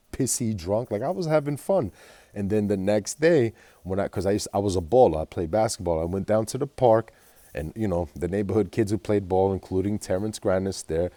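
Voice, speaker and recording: Low, dark-voiced man ranting. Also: no echo. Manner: profane, agitated storytelling with frequent fillers. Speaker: vlogger. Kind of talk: rambling personal monologue.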